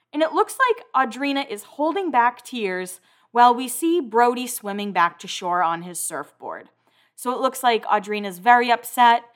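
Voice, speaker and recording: A woman hosting a casual recap of TV episodes, chatty and full of "like" fillers. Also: a little high.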